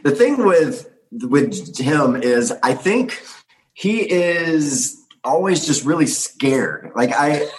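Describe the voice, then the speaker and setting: A man guesting on a podcast, talking in a halting way with many fillers and laughing along. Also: a little high, sing-song, poor audio. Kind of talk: casual chat.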